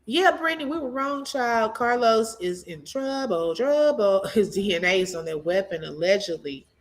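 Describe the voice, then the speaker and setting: A woman hosting a casual live commentary, reading viewer comments aloud, chatty and animated, laughing often and talking straight to her viewers. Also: medium pitch, normal speed. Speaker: channel host reacting to a court case.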